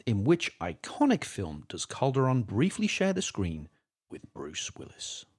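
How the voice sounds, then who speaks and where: A man co-hosting a podcast, running a quick trivia quiz in casual chat. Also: mid-range voice, wildly swooping pitch, darkish tone, breathy edge. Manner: quick, playful quizmaster. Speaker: podcast co-host.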